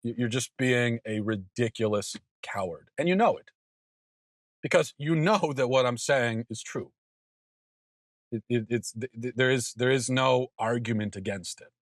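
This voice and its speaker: A man in his thirties hosts his own show, delivering an emphatic opinion monologue. He repeats himself for stress and stumbles into quick restarts. His voice sits at a middle pitch, and the recording is dry and close. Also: no room sound. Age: 30s. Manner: emphatic, repetitive, stammering restarts. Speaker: podcast host.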